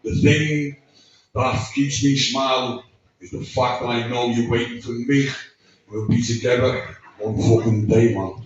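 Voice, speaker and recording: A man reading out an emotional tribute speech, halting, swearing often and close to tears. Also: medium pitch, fairly even intonation, slight background noise. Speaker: speaker at a memorial birthday gathering. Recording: echoey room, distant mic, dull sound.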